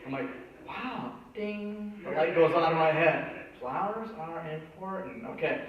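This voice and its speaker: Heard from afar in a reverberant church hall with muffled sound, a pastor with a fairly high voice delivers a sermon at a moderate pace. He recounts a story from his childhood, performing the different characters' voices.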